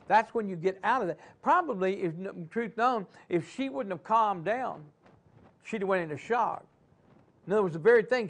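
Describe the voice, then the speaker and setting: A middle-aged man preaching a sermon in a high, light voice. He calls on the congregation to answer him, swinging from loud, driving declarations down to quiet, personal storytelling. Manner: preaching with call-and-response, swinging between loud and soft. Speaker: pastor.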